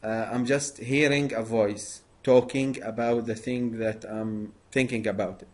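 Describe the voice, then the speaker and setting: Male interviewer, very slow and halting, lots of "uh". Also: mid-range voice, fairly even intonation. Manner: halting, many pauses and fillers. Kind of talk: conversational interview.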